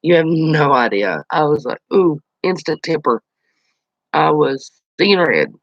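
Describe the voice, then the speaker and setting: A man's voice: fairly high pitch, sing-song, a little slow, vocal fry, dry recording, lo-fi sound. A man hosting his own channel, chatting casually on a live stream, telling stories and answering viewer comments. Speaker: channel host.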